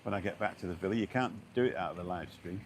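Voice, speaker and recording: A man's voice: deep voice, very fast, slight background noise. A middle-aged man chatting casually on a live stream as he walks by the beach, rambling along with lots of fillers and restarts. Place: outdoors on a beach walk.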